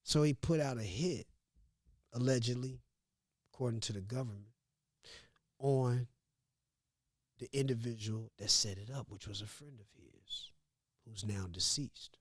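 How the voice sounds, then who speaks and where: A man from Missouri, a podcast guest, telling a story in a casual, animated, profane way and acting out what others said. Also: mid-range voice, measured pace, long pauses, no room sound, clean studio sound. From Grandview, Missouri. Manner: animated, profane, laughs often, acts out quotes.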